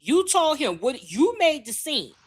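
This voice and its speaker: A woman's voice: high-pitched, very animated, measured pace. A woman co-hosting a podcast, talking things through in a loose, conversational way. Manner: reasoning, loose conversational talk. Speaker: podcast co-host. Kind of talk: casual chat.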